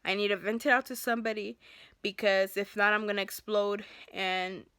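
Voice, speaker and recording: A woman telling an unscripted story of a clash at work straight to camera. She talks heated and animated, addressing her viewers like a close friend. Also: mid-range voice, moderate pace, smooth, dry recording. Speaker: school bus driver.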